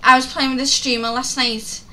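A woman's voice: high-pitched, level tone, brisk, bright, forceful tone. A woman, a streamer telling stories in casual chat over a game and laughing often. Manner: chatty storytelling, laughs often.

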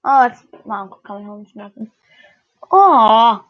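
A woman's voice: medium pitch, steady tone, fast talker, dull audio. A woman doing casual game commentary while opening card packs, swearing freely and shrieking whenever a good player shows up. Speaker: gaming video creator.

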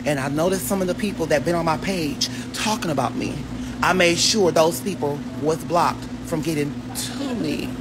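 A man ranting on a casual phone livestream, flamboyant and sassy, with sudden shrieks and high exclamations. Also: moderate pace, noisy background. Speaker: social media personality on a livestream.

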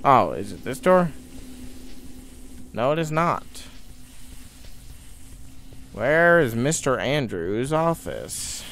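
A young man talks his way through a horror game at a very slow, drawn-out pace. His pitch swings widely as he mutters to himself and breaks into startled outbursts. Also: sing-song, fairly bright tone, slight background noise. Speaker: gaming YouTuber.

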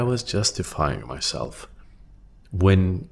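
Deep-voiced man musing slowly. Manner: thoughtful, hesitant, with restarts and soft trailing phrases. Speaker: podcast host. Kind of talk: reflective solo monologue. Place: quiet room. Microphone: studio microphone.

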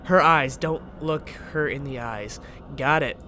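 A man's voice: a little high, unhurried, sharp tone, slight background noise. A young man commentating a horror game he is playing, joking around, swearing and yelping at the scares. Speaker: gaming channel host.

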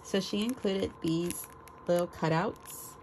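A woman's voice: lowish voice, slow, a little mellow, a little hiss or hum, poor audio. A woman chatting casually as she unboxes craft swap items on her vlog, gushing and exclaiming over each one. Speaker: crafting vlogger.

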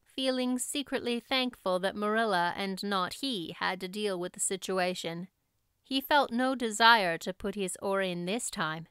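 A woman reading an audiobook in an even, measured storytelling manner. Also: medium pitch, clear, resonant tone, no room sound, studio quality. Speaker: audiobook narrator. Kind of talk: scripted audiobook narration.

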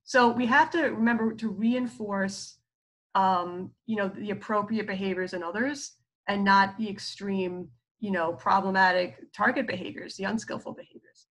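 A woman's voice: mid-range voice, steady tone, moderate pace. A woman psychologist giving a casual lecture on therapy skills, chatty, with lots of fillers and acted-out quotes. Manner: chatty, many fillers and asides, acts out quoted speech.

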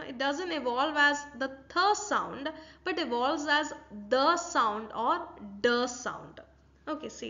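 A woman's voice: sits high, pushed and bright. A woman with an Indian English accent giving a university lecture, explaining step by step and asking rhetorical questions. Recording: dull lo-fi recording.

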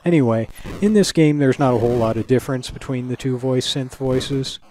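A man's voice: medium pitch, brisk, warm tone, a little hiss or hum. A man hosting a retro computing channel, narrating a scripted review in a dry, wry, analytical way.

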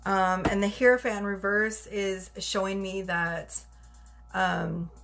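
A woman's voice: mid-range voice, steady tone, takes it slowly, a bit bright. A woman giving a casual tarot reading, chatty and rambling, a little out of breath. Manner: chatty, rambling, self-correcting. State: slightly out of breath. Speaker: tarot reader.

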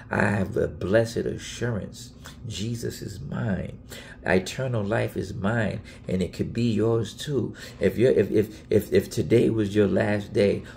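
A man's voice: lowish voice, gravelly, darkish tone, slight background noise. A man preaching in a casual Bible teaching video, earnest and emphatic, often repeating himself and restarting phrases.

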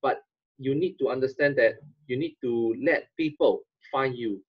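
A man's voice: mid-range voice, normal speed, slightly rough, highs cut off. A man presents as an e-commerce consultant in a webinar, speaking in a direct, explanatory way.

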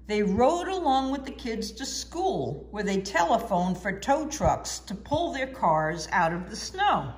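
A woman reading a children's storybook aloud in an expressive, sing-song way. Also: medium pitch, slow, few pauses. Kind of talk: children's book read-aloud.

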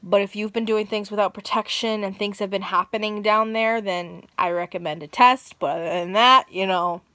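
Young woman, twenties, casual chatty vlogger, frank and foul-mouthed, mid-pitched, dry close sound. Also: a bit bright, no echo. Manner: chatty and frank, swears freely. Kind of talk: casual chat.

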